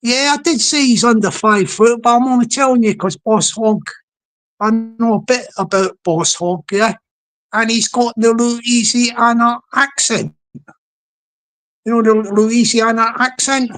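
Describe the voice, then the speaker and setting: Slow, rambling woman. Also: fairly high pitch, steady tone. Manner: rambling, repetitive, chatty. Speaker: live streamer. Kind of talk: casual livestream chat.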